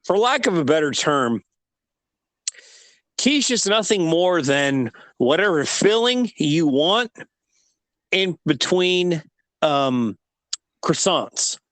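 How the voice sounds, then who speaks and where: A man in his thirties telling a personal story in casual conversation, animated and laughing at himself. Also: a little high, slow pace, long pauses, no echo. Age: 30s.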